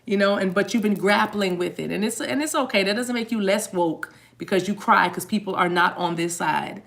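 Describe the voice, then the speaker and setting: A woman's voice: mid-range voice, brisk, vocal fry, a bit bright. A woman giving a live tarot reading, talking straight to her viewers in a chatty, spiritual way. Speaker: tarot reader.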